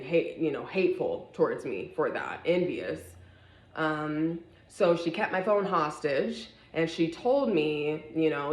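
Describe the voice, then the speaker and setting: A young woman telling a personal story in a casual vlog, animated and acting out the other people in it. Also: deep voice. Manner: animated, acts out quoted voices. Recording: echoey room.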